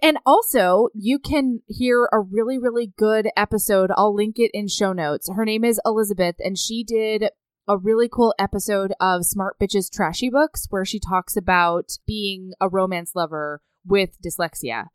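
A woman co-hosting a podcast, chatting casually about a book and reading quotes aloud with animated voices. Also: mid-range voice, moderate pace, smooth, dry recording. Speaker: podcast co-host. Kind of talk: casual book-club chat.

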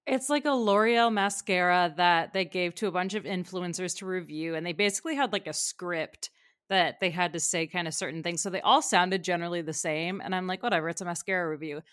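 A woman in casual chat, telling a gossipy story with lively, animated delivery. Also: fairly low pitch, fairly quick, clean tone.

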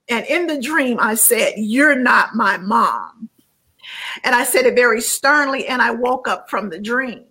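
Slow, bright-voiced woman giving testimony. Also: on the high side, low-quality recording. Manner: earnest, measured, repeats words while searching. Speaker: interview guest. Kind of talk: personal faith testimony.

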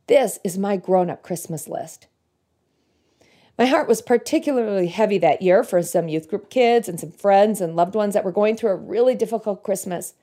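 A woman giving an earnest, reflective devotional talk, reading song lyrics slowly and thoughtfully. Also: medium pitch, warm tone. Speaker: Christian speaker.

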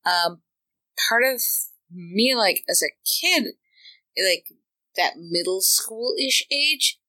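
A woman's voice: medium pitch, animated, slow, sharp tone, low-quality recording. A woman co-hosting a podcast, chatting casually and enthusiastically about tabletop gaming. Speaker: podcast co-host.

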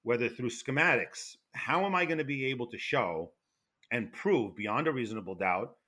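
Loud New York man, bright voice. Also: medium pitch, normal speed. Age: older. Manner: loud, animated storyteller with frequent restarts. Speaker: retired fire investigator guest. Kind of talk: casual interview.

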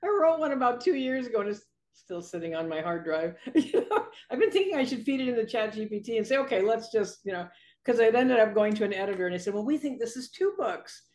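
A woman's voice: fairly high pitch, sing-song, quick pace, darkish tone. A woman guest, a copywriting coach, talking casually on a video call and laughing between phrases.

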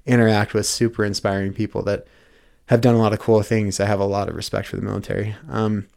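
A man's voice: on the low side, level tone, fast talker, gravelly, darkish tone. A man in his thirties, a podcast host taking the guest seat, telling his story in an earnest, casual way with frequent restarts.

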